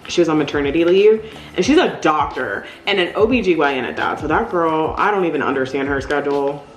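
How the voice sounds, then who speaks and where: A woman's voice: sits low, expressive, brisk, reverberant. A woman in her thirties talking candidly in a casual, rambling vlog while decorating cookies, using lots of fillers. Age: 30s. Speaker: vlogger.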